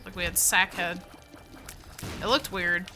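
A woman's voice: lowish voice, fairly even intonation, measured pace, pushed and bright, faint music behind. A woman giving casual, rambling commentary while playing a video game, thinking aloud and reading out item names, sleepy and yawning. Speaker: gaming let's play host.

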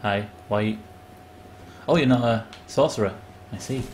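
An English man chatting and joking while he streams a game, with sudden loud outbursts. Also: on the low side, measured pace. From England. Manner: chatty, self-mocking, bursts into loud outbursts. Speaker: gaming streamer. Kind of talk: live gameplay commentary.

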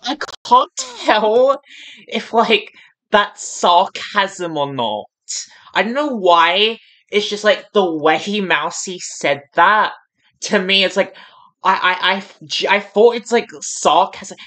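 A woman's voice: medium pitch, lively intonation, takes it slowly, fairly bright tone. A woman hosting a reaction video, rambling and hedging with lots of fillers. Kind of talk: casual reaction commentary.

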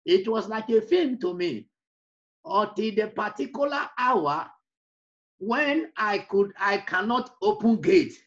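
A man's voice: sits high, lively intonation, takes it slowly, fairly bright tone, dull audio. A man preaching an emotional personal testimony, repeating phrases and breaking into song. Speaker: evangelist.

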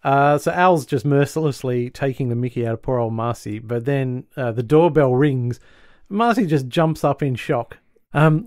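A man's voice: medium pitch, moderate pace, darkish tone, no echo, studio quality. A male podcast host recapping a sitcom episode in a chatty way, laughing easily and acting out the lines.

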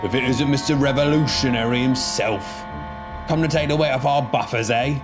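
A man voicing a smirking male diesel engine who taunts in a quick, raised, sneering voice. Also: mid-range voice, music in the background, voice pushed up, close to an everyday voice.

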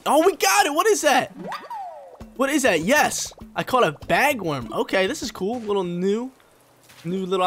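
Excitable young man commenting on gameplay. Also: fairly high pitch. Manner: excitable, slangy, chatty. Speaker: gaming channel host. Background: faint game music.

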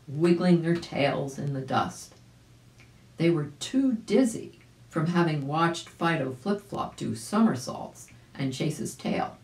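A woman reads a children's storybook aloud in a gentle, unhurried way. Her voice sits low and slow. An echoey room carries it. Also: lively intonation. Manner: gentle, storybook reading with small asides. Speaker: volunteer story reader. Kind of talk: audiobook read-aloud for children.

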